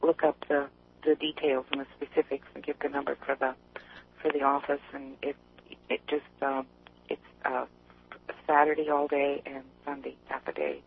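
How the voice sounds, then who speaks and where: A woman from East Tennessee calling into a radio show, chatty and rambling, quick to laugh. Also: very deep voice, flat delivery, gravelly, slight background noise. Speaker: caller. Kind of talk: casual call-in chat. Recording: tinny phone line.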